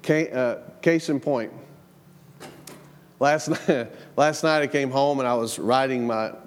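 A man's voice: medium pitch, fairly even intonation, slow. A middle-aged man preaching a sermon in a church, in a conversational way that repeats words and tells family stories. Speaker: pastor. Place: church sanctuary. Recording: long church hall reverb.

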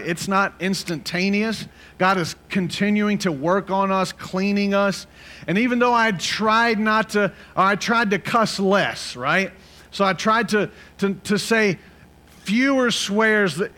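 Middle-aged guy preaching, chatty storytelling sermon, voice on the higher side, keeps asking amen. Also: fairly bright tone. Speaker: pastor.

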